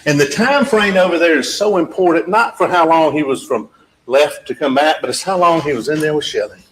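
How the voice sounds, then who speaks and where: A man's voice: fairly high pitch, a little fast, fairly bright tone. A male trial attorney gives a closing argument in a courtroom, repeating points emphatically and talking straight to the jurors. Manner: emphatic, repetitive, talks directly to jurors, acts out witness exchanges. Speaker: trial attorney addressing a jury. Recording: echoey courtroom audio with faint background noise.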